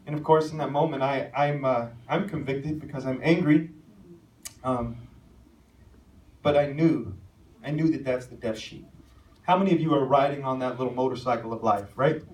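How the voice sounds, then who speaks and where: A young man preaching a sermon as pastor, telling a story and rising to shouted calls at its peaks. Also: mid-range voice, normal speed, pauses often, far from the mic. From American. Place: church sanctuary. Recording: echoey church hall, mic from afar.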